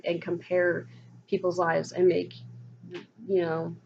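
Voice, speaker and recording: Young woman vlogger, low gravelly voice, rambling and frustrated rant, dull lo-fi recording. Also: monotone, slow pace. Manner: frustrated, rambling, with many restarts. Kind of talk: casual ranting monologue. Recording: dull lo-fi sound with faint noise.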